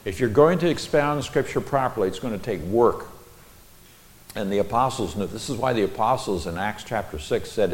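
A middle-aged man preaching an expository Bible lesson in a deliberate, explanatory way, with folksy personal asides. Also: lowish voice, lively intonation, slight background noise.

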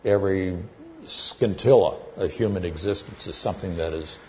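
A man giving an expository sermon, explaining terms with measured pacing and frequent pauses. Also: sits low, a little mellow, a little hiss or hum. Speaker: preacher.

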